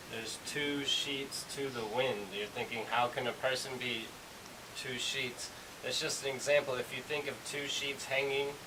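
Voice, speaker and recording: A man teaching English, explaining in a casual, rambling way with lots of fillers. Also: medium pitch. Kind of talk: explaining a language lesson. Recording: hissy recording from far off.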